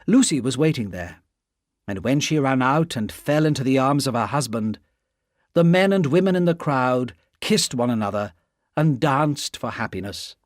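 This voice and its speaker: Here the narrator is again a man with a medium-pitched voice, delivering scripted audiobook text with measured expression. The sound is dry and of studio quality.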